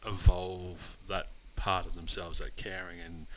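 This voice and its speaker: A man's voice: low voice, measured pace, a little hiss or hum, low-quality recording. A man co-hosting a podcast, talking frankly and expressively in casual chat. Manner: frank, expressive, uses blokey slang. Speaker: podcast co-host.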